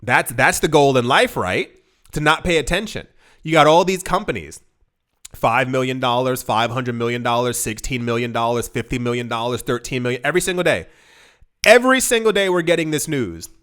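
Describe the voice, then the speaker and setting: A man's voice: mid-range voice, expressive, a little fast, a bit bright. A man hosting a casual video, talking straight to camera with emphatic, repetitive phrasing and lots of restarts. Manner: emphatic, repeats words and stumbles, acts out quoted voices. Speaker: crypto video host. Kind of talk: casual direct-to-camera commentary.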